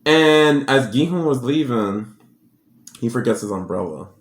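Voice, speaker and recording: A man giving a casual, sassy recap of a drama episode, with slangy, animated storytelling. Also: medium pitch, a little slow, echoey room. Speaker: drama reviewer.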